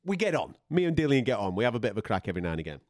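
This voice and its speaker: A man's voice: mid-range voice, very animated, very fast, no room sound, studio quality. A man hosting a boxing podcast, telling stories in a chatty way, laughing often and swearing freely. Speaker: boxing podcast host and radio presenter. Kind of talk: casual banter and storytelling.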